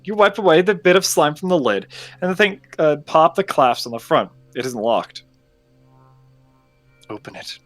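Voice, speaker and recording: A man reading a story game aloud as narrator, with expressive, dramatic delivery. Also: a little high, normal speed, pauses often, faint music behind.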